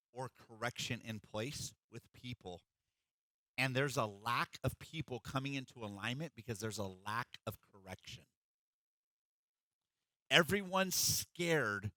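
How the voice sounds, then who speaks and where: A man's voice: medium pitch, sharp tone, no room sound. A middle-aged man preaching a sermon as pastor, in an emphatic, conversational way.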